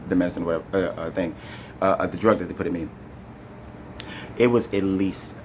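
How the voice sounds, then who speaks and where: A man with a somewhat low voice tells his own story straight to camera. He rambles and restarts, stacking up fillers as he goes. A faint ambient hum sits behind him. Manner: animated, addresses viewers directly. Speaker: storyteller recounting an arrest. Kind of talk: emotional first-person storytime to camera.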